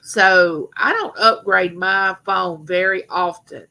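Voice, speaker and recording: Chatty woman with a rough, bright voice. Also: medium pitch, slow pace, rough recording. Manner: rambling, chatty, addresses viewers directly. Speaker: livestream host. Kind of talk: casual live stream chat.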